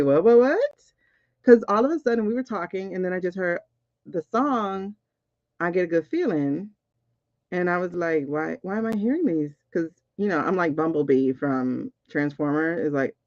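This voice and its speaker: A woman hosting a casual spiritual reading, excitable and talking straight to her viewers. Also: lowish voice, dry recording, lo-fi sound. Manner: excitable, keeps repeating "hold on". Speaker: spiritual reader and host. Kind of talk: casual livestream card reading.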